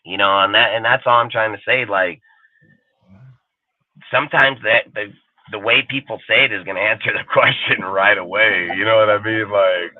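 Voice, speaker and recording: A man hosting a sports talk show in a casual, animated, rambling rant full of swearing. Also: lowish voice, normal speed, no room sound. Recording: tinny phone-like line, dry.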